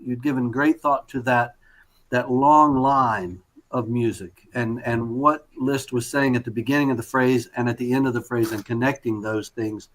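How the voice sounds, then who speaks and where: A man's voice: mid-range voice, fairly even intonation, moderate pace, a bit bright. A male conductor judges an audition over a video call. He praises the player at length and trips over many fillers and restarts along the way. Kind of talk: spoken feedback on a performance.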